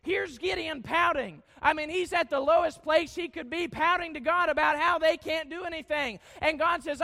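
A man preaching a sermon with fervor, often shouting, with frequent "uh" fillers, reading scripture slowly and solemnly. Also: very high-pitched, vocal fry.

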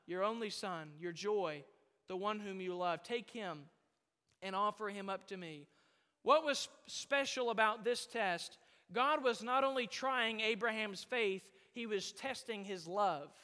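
A man's voice: very high voice, sharp tone. A man preaching a sermon to a congregation, emphatic and rising and falling in volume, heard in a church hall. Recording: long hall reverb.

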